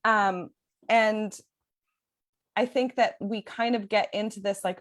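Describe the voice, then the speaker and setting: Earnest woman coach, mid-pitched. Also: fairly even intonation, takes it slowly, pauses often. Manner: earnest, flowing, laughs often. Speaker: parenting sleep coach guest. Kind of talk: podcast conversation.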